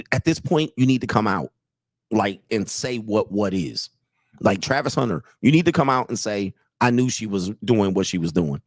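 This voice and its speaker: A male host rambles through casual comedic commentary, excitable and fond of saying "all right". His voice sits at an ordinary middle pitch. The recording is dry and close, with no room echo.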